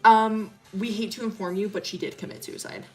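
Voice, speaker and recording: A woman's voice: mid-range voice, steady tone, brisk, soft background music, close to an everyday voice, low-quality recording. A woman voicing a police officer who speaks hesitantly and formally. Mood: grave.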